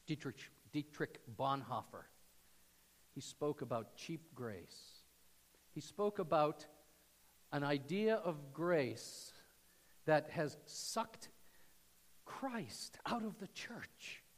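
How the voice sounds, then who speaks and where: A man preaching a sermon to his church, swinging from loud emphasis to hushed near-whispers. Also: on the high side, expressive, takes it slowly, pauses often, in a large hall. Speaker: pastor. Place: church sanctuary.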